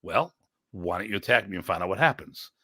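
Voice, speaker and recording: A middle-aged American man, a podcast host and martial arts instructor, telling stories in an animated, blunt, joking way and acting out quoted exchanges. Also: a little fast, breathy edge, dry recording, clean studio sound. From United States. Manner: animated, acts out quoted exchanges with pitch jumps; rambling with restarts, blunt and joking. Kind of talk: casual storytelling chat.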